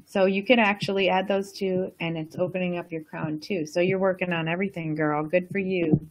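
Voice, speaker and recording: A woman's voice: fairly low pitch, steady tone, a little fast. A woman hosting a casual wellness live stream, talking to viewers in a chatty, rambling, enthusiastic way. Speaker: wellness host.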